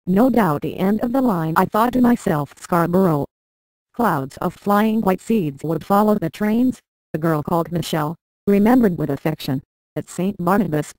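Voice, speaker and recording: A computer-generated woman's voice reading a memoir aloud in a flat, synthetic way with odd word stresses. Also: on the low side, no echo, rough recording. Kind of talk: text-to-speech narration of a memoir.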